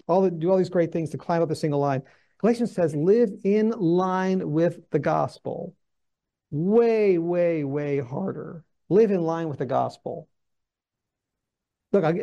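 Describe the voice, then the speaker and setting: Emphatic high-voiced male Bible teacher. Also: highs cut off. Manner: emphatic, rhetorical questions, animated.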